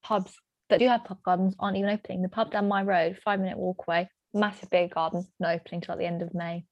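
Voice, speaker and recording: A woman's voice: fairly low pitch, fairly even intonation, fast talker, no echo, highs cut off. A young woman co-hosting a casual chat podcast, chatty and full of "like" and "literally". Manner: chatty, says "literally" and "like" a lot. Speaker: podcast co-host.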